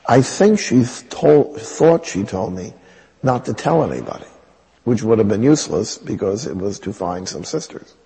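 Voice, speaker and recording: A man's voice: on the low side, very animated, normal speed, vocal fry, dark tone, in a large hall. A man, a priest, telling a wry personal story in a conversational homily.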